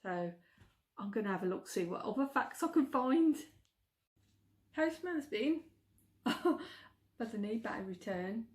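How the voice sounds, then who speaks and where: A woman's voice: on the high side, expressive, takes it slowly, long pauses. A middle-aged woman with a Birmingham accent, vlogging in a chatty way, giggling and stumbling over words. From England. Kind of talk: casual chat.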